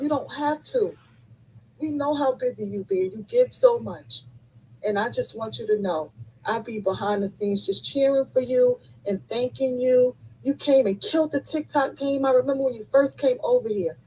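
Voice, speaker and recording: A woman's voice: fairly high pitch, a little mellow, husky, poor audio. A woman in her fifties on a live call, tearful and effusive, thanking the host over and over. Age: 50s. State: crying. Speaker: caller on a live stream.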